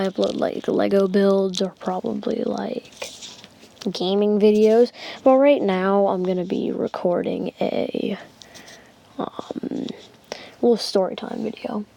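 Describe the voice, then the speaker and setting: A woman's voice: mid-range voice, vocal fry, dark tone. Rambling young woman telling a story. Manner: rambling, heavy use of "like" and fillers. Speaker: channel host. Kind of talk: casual story time vlog.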